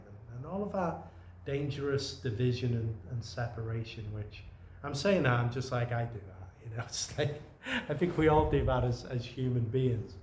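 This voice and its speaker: In a meditation retreat room, a male Zen teacher with a medium-pitched voice gives an informal dharma talk, meandering and conversational, often restarting sentences and adding soft asides. The room echoes, with faint ambience and slight background noise.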